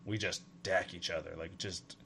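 A man in his thirties from Atlantic Canada, co-hosting a gaming podcast in animated casual chat. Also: low voice, gravelly, slight background noise. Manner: animated, quick, laughs often. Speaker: podcast co-host.

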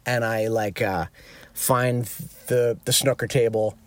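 A man, a touring musician, telling an anecdote in casual chat, animated and peppered with fillers. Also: slow, dry recording. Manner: animated, jumps into high excited voices when quoting himself; peppers speech with "like" and "you know". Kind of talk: casual storytelling.

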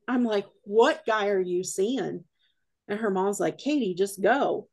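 A woman with a gravelly, creaky edge to her voice, sitting in as a podcast guest. She rambles through her stories, acting out who said what, in a casual, chatty way at a middle pitch. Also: measured pace. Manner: rambling, animated retelling with quoted dialogue. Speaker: guest, paranormal investigator.

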